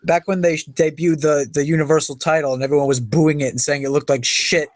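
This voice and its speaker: A man's voice: fairly high pitch, level tone, quick pace, no echo. A man co-hosting a live chat, mocking and dismissive of fans. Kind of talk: profane ranting chat.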